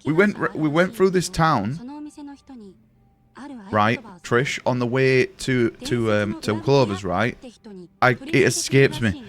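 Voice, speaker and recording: A man's voice: mid-range voice, takes it slowly, fairly bright tone. A young man streaming a game live, rambling and swearing as he tells stories to friends. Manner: rambling, swears, chatty storyteller. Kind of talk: casual live-stream chat while gaming.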